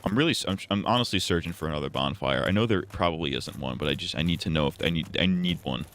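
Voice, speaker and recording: A low-voiced man chats casually while playing a game on a live stream. He rambles from joke to joke and keeps poking fun at himself. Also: animated, quick pace, fairly bright tone. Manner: rambling, joking, self-mocking.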